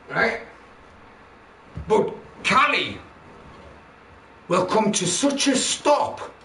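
A man with a high, slightly bright voice rants angrily on his livestream, cursing constantly and heckling his viewers with mockery. The audio has a roomy echo and faint background noise.

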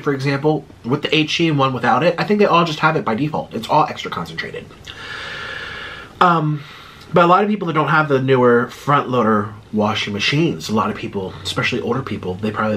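A man's voice: medium pitch, sharp tone, a little hiss or hum. Breathless chatty man rambling to camera. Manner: chatty, digressive, many fillers and restarts. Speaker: mukbang vlogger. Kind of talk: casual rambling monologue.

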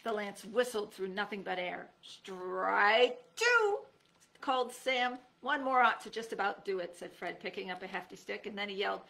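Gravelly, bright-voiced woman reading a storybook. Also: moderate pace. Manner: lively, voices each character with pitch jumps. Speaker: teacher reading aloud. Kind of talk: storybook read-aloud.

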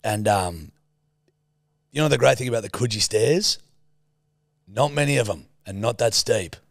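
A man's voice: fairly low pitch, moderate pace, vocal fry, no echo, studio quality. A young Australian man co-hosting a podcast, joking, teasing and swearing in casual chat. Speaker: podcast co-host.

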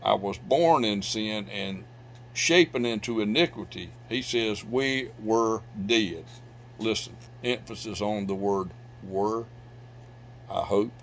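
A middle-aged man preaches a sermon in a church, his lowish voice rising in loud emphatic bursts and falling back to near hush. A faint hum sits under the recording. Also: measured pace. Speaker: pastor. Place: church sanctuary.

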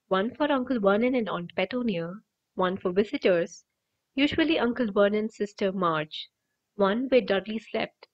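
A woman reads a children's novel aloud, telling the story with lively expression. Her voice sits at a middle pitch, and the recording sounds dull and lo-fi. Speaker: audiobook reader. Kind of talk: audiobook narration.

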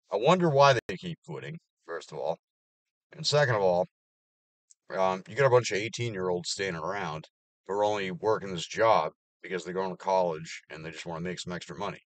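A man in his thirties rants in a low, deep voice. He swears freely and breaks into sarcastic laughs. The sound is close and dry. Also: fairly quick, no room sound. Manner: profane, ranting, sarcastic laughs. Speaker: vlogger. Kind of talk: casual rant to camera.

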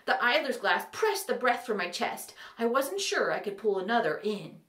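A woman narrating a fantasy story in an animated, wry manner. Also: a little high, moderate pace, reverberant.

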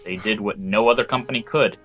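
A man on a casual podcast panel, explaining and correcting details in a measured way. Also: on the low side, fairly bright tone, soft background music.

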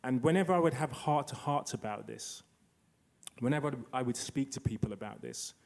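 Guy on a panel telling a personal story, mid-pitched voice, restarts a lot, acts out the quotes. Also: animated, vocal fry, darkish tone. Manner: anecdotal, acts out quoted dialogue, halting restarts.

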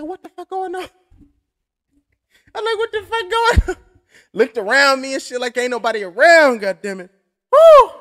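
A young man calls punches blow by blow and drifts into profane, joking stories. His voice sits high for a man. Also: a bit bright. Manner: rambling, profane, joking asides. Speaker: fight commentator. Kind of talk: live blow-by-blow stream commentary.

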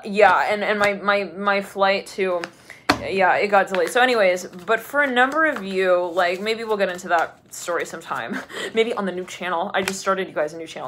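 A woman's voice: mid-range voice, fairly bright tone. Woman doing a tarot reading, super chatty and rambly, lots of "like"s and laughing, bit of faint hiss. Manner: chatty, rambling, laughs often, many fillers. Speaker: tarot reader.

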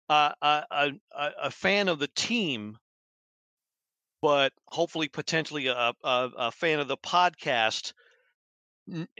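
A man hosting a podcast, speaking slowly and haltingly, repeating small words as he restarts. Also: a little high, sharp tone, no room sound. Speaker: podcast host. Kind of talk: casual chat.

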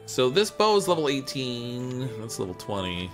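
A man's voice: medium pitch, very animated, moderate pace, music in the background. A man hosting a live game stream, chatting casually and joking with his pet cat. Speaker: streamer host. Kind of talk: casual gameplay commentary.

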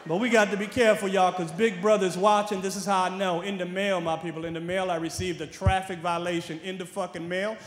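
A man from New York with a New York accent doing a brash, profane stand-up comedy set, swinging from muttering to shouting. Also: sits high, fairly even intonation, brisk, few pauses. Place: large comedy venue with a live audience. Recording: echoey hall with crowd noise.

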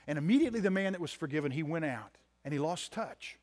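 Pastor, male, higher-pitched, emphatic sermon delivery, loud-to-soft swings, repeats phrases. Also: quick pace, few pauses. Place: church sanctuary.

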